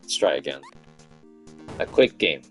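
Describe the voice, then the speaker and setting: Extremely low in pitch yet a bit bright, the voice is expressive and measured, with soft background music behind it. He's a game streamer chatting casually, laughing often and humming along, though hours of talking have left his voice tired.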